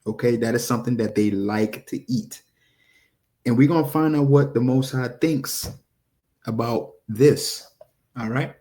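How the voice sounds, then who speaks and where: A man giving casual scripture commentary to his viewers, animated and rambling, talking straight to them. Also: medium pitch, measured pace. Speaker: religious video preacher.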